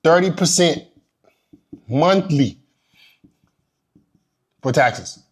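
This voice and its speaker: Business coach guy, kinda high voice, swears a lot, blunt and emphatic, lecture vibe. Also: expressive, extremely slow, husky. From immigrant. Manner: blunt, profane, emphatic storytelling. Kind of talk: candid course lecture with a personal story.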